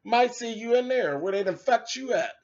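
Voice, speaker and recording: A man's voice: very high voice, animated, moderate pace, darkish tone. A man ranting casually at someone online in a sassy, cutting way, with dramatic asides. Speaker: commentator. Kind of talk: casual rant video. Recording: dull lo-fi recording.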